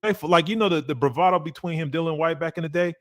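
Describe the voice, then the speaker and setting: A man's voice: fairly high pitch, quick pace, no echo. Casting: man, casual boxing talk, rambling and profane, dry close mic. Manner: animated, profane, rambling with many fillers. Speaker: boxing co-host. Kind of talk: casual live watch-along chat.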